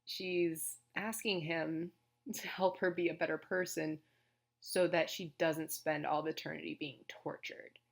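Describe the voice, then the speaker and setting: A woman's voice: sits low, steady tone, a little slow, vocal fry. A woman hosting a channel about stories, speaking in a thoughtful, hesitant way, her voice starting to give out. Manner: thoughtful, hesitant, restarts sentences. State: losing her voice. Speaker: story discussion channel host. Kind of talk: reflective casual commentary.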